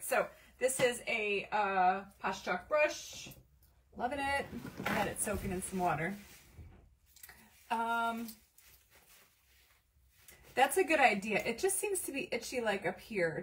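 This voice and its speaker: A woman's voice: a little high, fairly bright tone. Chatty woman live-streaming a craft, distant mic. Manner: chatty, reads viewer comments aloud, many fillers. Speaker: livestream craft host. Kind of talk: casual live-stream chat while crafting. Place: home craft room, indoors.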